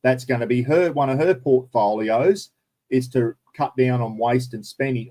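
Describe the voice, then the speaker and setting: A man's voice: mid-range voice, normal speed, a little mellow. A middle-aged Australian man hosting a casual live stream and answering viewers, blunt and opinionated, swearing now and then. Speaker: livestream host.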